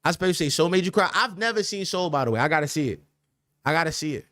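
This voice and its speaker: A man's voice: fairly high pitch, lively intonation, very fast, fairly bright tone, no room sound. Slangy young man chatting on stream. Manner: loose slangy banter, trailing off into laughs. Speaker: podcast host reacting to live chat. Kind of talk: casual livestream chat.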